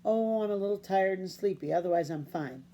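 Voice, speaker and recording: A woman's voice: on the low side, a little fast, dark tone, lightly acted. A woman voicing a determined young country boy in a storybook reading, speaking earnestly. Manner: earnest and pleading.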